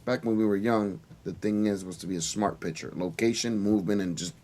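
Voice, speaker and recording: A man's voice: fairly low pitch, brisk, darkish tone. A man co-hosting a casual sports podcast, giving confident, emphatic opinions. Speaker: podcast co-host.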